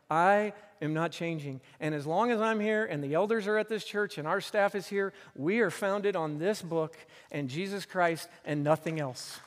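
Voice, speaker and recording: A man's voice: sits high, in a large hall. A man preaching a sermon as pastor on a church stage, telling a story earnestly and repeating phrases for emphasis.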